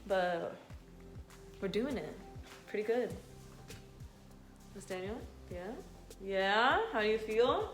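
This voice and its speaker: A woman's voice: medium pitch, lively intonation, takes it slowly, pauses often, low-quality recording. Young female vlogger, in labor, chatty and giggly, faint music under her. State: in labor, pausing through contractions. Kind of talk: casual vlog chat.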